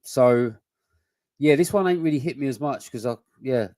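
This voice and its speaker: A man's voice: medium pitch, moderate pace, dark tone, no echo. A man, co-hosting a casual football podcast, blunt and sweary with rambling restarts. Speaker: podcast co-host.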